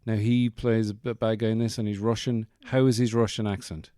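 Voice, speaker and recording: A man's voice: fairly low pitch, flat delivery, brisk, mellow, no echo, studio quality. A man hosting a podcast from his bedroom, chatting casually with playful, joking asides. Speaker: podcast host. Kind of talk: casual chat.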